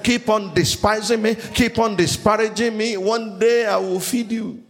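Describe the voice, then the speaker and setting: A male pastor preaching with a high, gravelly voice. He tells stories in a steady rhythm and breaks into loud shouted peaks. The sound rings out with a long hall reverb. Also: normal speed. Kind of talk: sermon.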